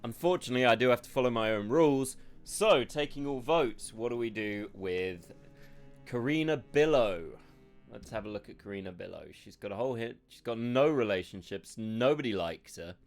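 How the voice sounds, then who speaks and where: Male streamer, sarcastic, swearing, mid pitch, faint game music behind. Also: animated, normal speed. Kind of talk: live game streaming commentary.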